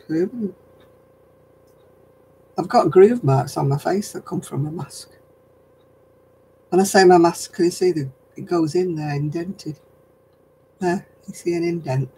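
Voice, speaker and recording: An older woman from northern England with a softened regional accent, hosting a casual craft live stream, chatting with viewers and chuckling often. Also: on the low side, a little hiss or hum, low-quality recording. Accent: softened northern English. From Oldham, England. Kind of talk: casual chat answering viewer comments.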